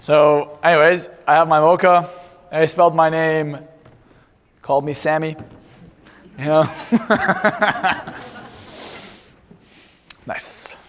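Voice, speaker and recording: A man's voice: a little high, fairly even intonation, slow pace, long pauses, fairly bright tone. A man speaking as a seminar presenter, telling a brash, profane comic story to a live crowd. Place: large seminar hall. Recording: echoey seminar hall.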